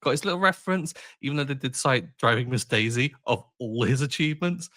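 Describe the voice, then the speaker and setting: A man's voice: medium pitch, expressive, a little fast, bright, forceful tone, no room sound, studio quality. A man co-hosting a podcast, chatting casually and giving teasing, opinionated takes on a film. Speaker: podcast co-host. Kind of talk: casual chat.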